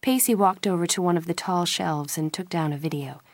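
A woman's voice: a little fast, no room sound. A woman reading a story aloud, lifting her voice a little for each character's lines. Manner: reads all characters' lines with small pitch lifts. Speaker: narrator.

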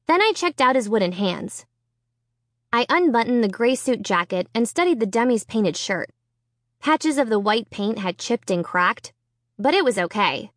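A woman reading a children's horror novel aloud, with expressive storytelling. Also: fairly high pitch, normal speed, dry recording, clean studio sound. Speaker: audiobook reader. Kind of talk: scripted narration.

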